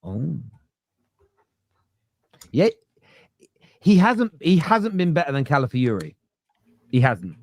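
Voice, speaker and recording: A man's voice: a little high, very animated, slow pace, long pauses, a little mellow, no room sound, studio quality. A man with a London accent hosting a casual football podcast, chatting and reading viewer comments aloud. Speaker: podcast host. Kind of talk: casual panel chat.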